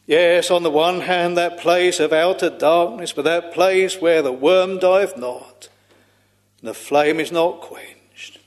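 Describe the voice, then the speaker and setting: A man's voice: fairly high pitch, fairly even intonation, big-room sound. A man preaching a solemn sermon, drawing out his phrases and sighing "ah" between them in old-fashioned scriptural language. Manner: slow, solemn, drawn-out preaching with frequent sighing "ah"s.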